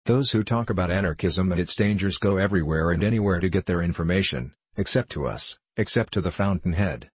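Narrator playing an impassioned orator, very deep, husky, rhetorical declaiming. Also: male voice, expressive, a little fast, hardly any pauses, no room sound. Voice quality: low, penetrating. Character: impassioned young male anarchist orator. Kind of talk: audiobook character voice.

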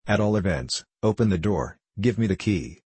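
A man's voice: fairly low pitch, lively intonation, normal speed, a little mellow, breathy edge, no echo. A man voicing a fearful, peevish older village priest who stammers. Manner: stammering, anxious.

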